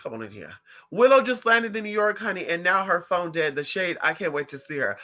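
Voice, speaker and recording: Sassy psychic vlogger with a sharp, very bright tone and a mid-range pitch. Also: fairly quick, soft background music. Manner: sassy, calls viewers honey and girl; animated, swings up and down in pitch. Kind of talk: casual chat to viewers.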